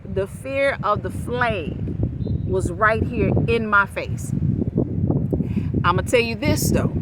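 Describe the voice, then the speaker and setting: A woman vlogger telling a personal story to camera outdoors, animated and laughing often as she talks to her viewers. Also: mid-range voice. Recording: outdoor noise with passing traffic. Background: outdoor ambience and vehicles.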